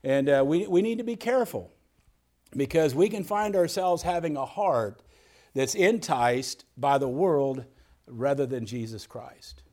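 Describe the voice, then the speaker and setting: A man's voice: on the high side, measured pace, a little mellow. A man preaching as a pastor, earnest, often repeating words and restarting as he goes. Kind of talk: sermon.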